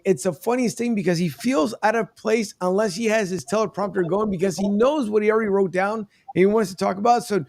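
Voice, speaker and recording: A man hosting a sports radio talk show, chatty and quick to laugh. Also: high-pitched, creaky, a little mellow. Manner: chatty, laughs easily, restarts often.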